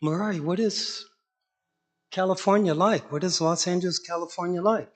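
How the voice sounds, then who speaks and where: Brief: eager young Indian newcomer, accented, high and bright, as a man puts him on. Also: normal speed.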